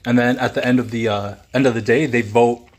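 A man co-hosting a food video, calmly and plainly explaining a show while chatting over a meal. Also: mid-range voice, a little fast. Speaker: mukbang co-host. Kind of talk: casual chat while eating. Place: indoors at a dining table.

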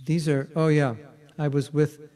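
A man teaches a spiritual workshop in a conversational, interactive style, regularly checking in with those listening. He speaks unhurriedly in a fairly high, warm, level voice, with the sound of a large room around him.

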